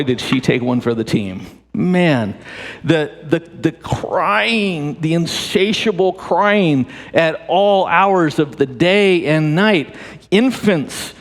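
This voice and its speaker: A man preaching in a church sanctuary, his fairly high voice trailing off into a long hall reverb. He talks in an animated, joking way, repeating and restarting phrases as he goes. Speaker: pastor. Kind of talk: sermon.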